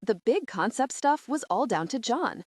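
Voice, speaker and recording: A woman's voice: fairly high pitch, sing-song, normal speed, a little mellow, no room sound, clean studio sound, pitched above the performer's own voice. A woman reading an earnest, gushing young female interior designer with a mid-Atlantic accent.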